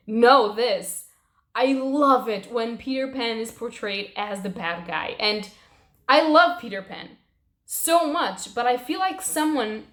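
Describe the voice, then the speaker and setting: A young woman chatting casually about books she read, emotional and expressive, swearing now and then. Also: on the high side. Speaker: book reviewer. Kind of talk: casual book wrap-up chat. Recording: roomy echo.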